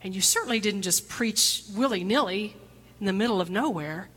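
A woman pastor delivering a reflective sermon, posing questions to the congregation and sometimes dropping to a hushed near-whisper. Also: medium pitch, lively intonation, moderate pace, husky. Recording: long hall reverb.

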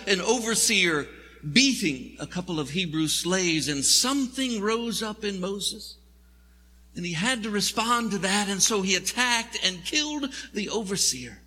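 Preacher guy telling a bible story casually with jokes, high husky voice, big echoey church sound. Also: expressive, unhurried, pushed and bright, a little hiss or hum. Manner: conversational, wry storytelling with jokes. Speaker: pastor. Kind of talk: sermon.

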